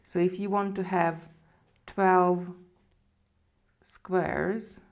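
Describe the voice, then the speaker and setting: A woman's voice: fairly low pitch, fairly even intonation, extremely slow, darkish tone. A woman presenting a live beading tutorial, chatting casually and talking viewers through each step as she works. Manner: chatty, talks viewers through steps while working.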